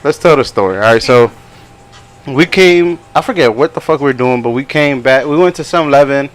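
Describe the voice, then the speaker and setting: A man's voice: medium pitch, a little fast. A young man co-hosting a podcast, telling stories in a rambling way, laughing often and acting out what people said. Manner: rambling, laughing, acts out quotes in other voices. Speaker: podcast co-host. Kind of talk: casual storytelling chat.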